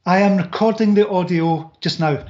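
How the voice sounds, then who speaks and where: A man with a Scottish accent, a guest author talking casually in a live-show interview, animated, with frequent restarts. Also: high-pitched, moderate pace, lo-fi sound.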